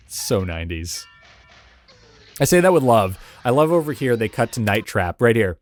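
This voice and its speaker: A man's voice: mid-range voice, expressive, measured pace, pauses often, faint music behind. A man hosting a casual reaction video, thinking aloud about old game commercials with chuckles and filler words. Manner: casual and thinking aloud, with frequent "like" and "you know"; chuckles between remarks. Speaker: host. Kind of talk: reacting to and analyzing retro game ads.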